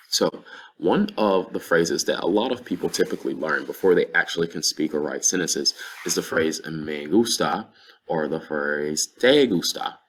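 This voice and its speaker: A man with a very low, deep voice teaches a language lesson. He explains things patiently and step by step, working through example phrases. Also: fairly bright tone, slight background noise. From North Carolina, USA. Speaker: Spanish teacher.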